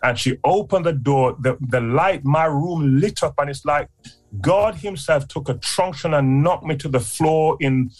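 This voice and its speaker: Guest, man in his sixties, lively storyteller, lots of pitch leaps. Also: a little slow, soft background music. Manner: animated storyteller, voice leaps high when acting out voices. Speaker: guest sharing testimony. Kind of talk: emotional faith testimony.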